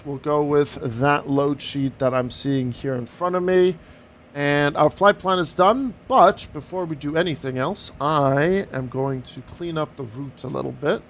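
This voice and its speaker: A man with a fairly bright voice on the high side streams a flight sim. In casual live-stream commentary, he jokes around and talks through each step of setting up the cockpit.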